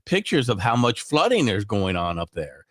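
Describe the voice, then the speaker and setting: A man's voice: lowish voice, very animated, normal speed, a bit bright. A man with a head cold, chatting casually as a guest on a morning show, rambling with many fillers and restarts. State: congested with a cold. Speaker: guest radio host. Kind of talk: casual chat.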